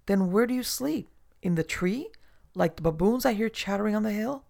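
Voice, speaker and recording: A man reading aloud, voicing an indignant shipwrecked gentleman who questions brusquely. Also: high-pitched, animated, moderate pace, vocal fry, pitched above the performer's own voice. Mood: impatient.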